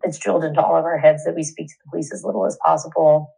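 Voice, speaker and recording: A young woman giving a candid, indignant personal account in an interview, halting and restarting as she speaks. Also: sits low, steady tone, vocal fry, dark tone, slightly rough, rough recording.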